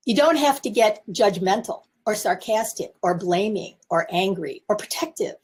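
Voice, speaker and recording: A woman's voice: mid-range voice, darkish tone, slightly rough. A woman in her seventies, a therapist and teacher, giving candid, self-reflective coaching talk from her office. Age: 70s. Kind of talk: casual talk to camera.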